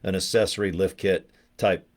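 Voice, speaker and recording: A man's voice: low-pitched, steady tone, moderate pace, darkish tone. A man from Utah hosting a casual livestream vlog from his home studio, jokey and rambling, poking fun at himself. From Utah, USA. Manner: jokey, rambling, self-mocking. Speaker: network marketing vlogger.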